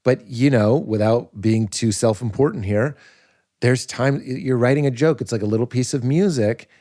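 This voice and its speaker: A man, a comedian and podcast guest, talking casually in an animated, riffing way and laughing at his own points. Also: mid-range voice, moderate pace.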